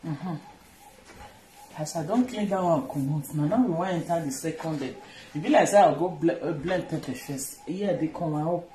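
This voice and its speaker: A woman's voice: deep voice, moderate pace, mellow, slight background noise. A woman with a Nigerian Pidgin accent chatting casually on a livestream while she washes dishes, playful and full of laughs and mock cries. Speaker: vlogger. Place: kitchen. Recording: echoey kitchen with clattering dishes. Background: clinking dishes, pots and pans.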